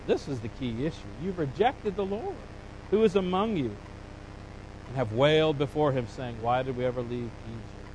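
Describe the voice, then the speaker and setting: A man preaching a sermon, animated and dramatic, acting out the complaints of biblical figures as he retells a scripture passage. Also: mid-range voice, normal speed, slight background noise, low-quality recording. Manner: animated preaching, voicing Bible figures with rising emphasis. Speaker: pastor.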